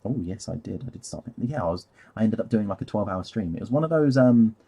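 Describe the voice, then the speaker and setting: A man's voice: lowish voice, animated, quick pace, dark tone, slightly rough. A man rambling casually on a live stream while painting, easily sidetracked and laughing at himself.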